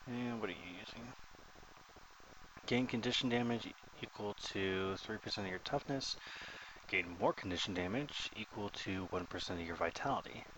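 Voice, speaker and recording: Male gamer, fairly low voice, casual thinking-aloud commentary. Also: normal speed, fairly bright tone, a little hiss or hum, low-quality recording. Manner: thinks aloud while playing, chatty and joking. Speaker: gamer commentating his own play.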